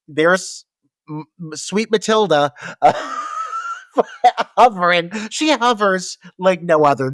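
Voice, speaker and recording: A man's voice: high voice, fairly bright tone, no room sound. A man co-hosting a podcast, recapping a horror film in casual, profane chat and laughing as he goes. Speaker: podcast co-host. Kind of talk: casual movie-review chat.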